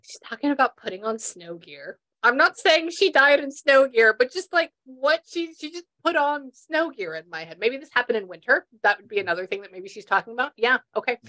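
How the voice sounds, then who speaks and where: A woman's voice: sits high, animated, a little fast, hardly any pauses, bright, forceful tone. A woman working as a psychic medium in a casual session, chatty and laughing as she passes on messages.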